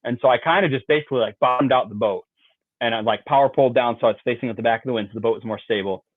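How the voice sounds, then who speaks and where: Male podcast guest, mid-pitched, rambling storyteller who mimics sounds; tinny, dry phone-like remote line. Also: racing, dry recording. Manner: rambling, fills with "like" and "you know", mimics sounds. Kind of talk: animated storytelling.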